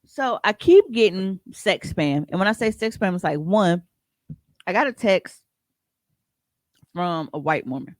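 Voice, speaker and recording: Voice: mid-range voice, measured pace, long pauses, no room sound. Laid-back profane storyteller, dry mic. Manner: profane, animated, laughing. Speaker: podcast co-host. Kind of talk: casual storytelling chat.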